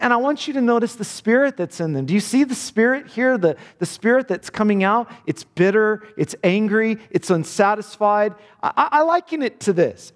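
A man's voice: high-pitched, long reverb tail. A man preaching a sermon, earnest, often repeating words as he builds a point.

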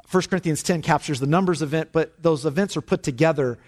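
A man delivering a sermon in an earnest, searching way, often doubling his words as he builds a point. His voice sits a little higher than most men's, and he reads scripture with growing feeling. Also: fast. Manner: earnest, repeats words, quotes scripture with rising emotion. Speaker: preacher.

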